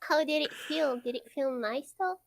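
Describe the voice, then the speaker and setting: A young woman guest on a podcast call, her voice high and bright. She teases with short, playful questions. The sound is close and dry. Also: vocal fry, no room sound. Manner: teasing, quick to laugh, short prompting replies. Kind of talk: casual podcast chat.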